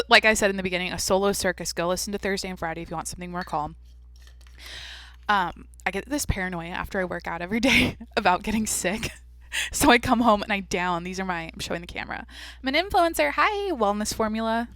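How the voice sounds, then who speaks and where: A woman's voice: mid-range voice, a bit bright, no room sound. A woman hosting her own podcast in a casual, rambling way, with a nasal, slightly congested voice and a joking, profane manner. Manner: rambling, chatty, profane and self-mocking. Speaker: podcast host. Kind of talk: casual solo podcast chat.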